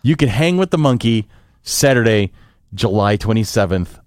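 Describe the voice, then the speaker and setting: A man's voice: lowish voice, expressive, moderate pace, dry recording, clean studio sound. A man hosting a casual podcast, running through upcoming events in a cheerful announcer manner. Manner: upbeat announcer-style event rundown. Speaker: podcast host.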